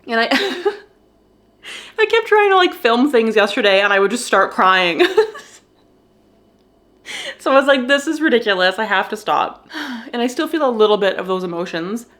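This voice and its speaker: A young woman vlogging candidly about feeling lonely, talking in a soft, halting way and a little teary, with nervous laughs. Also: a little high, expressive. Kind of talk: candid personal vlog.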